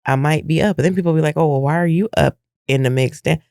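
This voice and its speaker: A man's voice: fairly high pitch, fast, a little mellow, clean tone, dry recording, studio quality. A middle-aged man co-hosting a casual podcast chat, reflective and emphatic, firing off rhetorical questions. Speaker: podcast co-host.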